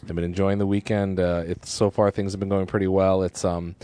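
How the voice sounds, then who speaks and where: A middle-aged man hosting a podcast in casual chat, relaxed and joking, often restarting his sentences. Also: sits low, brisk, clean tone, no room sound. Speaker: podcast host.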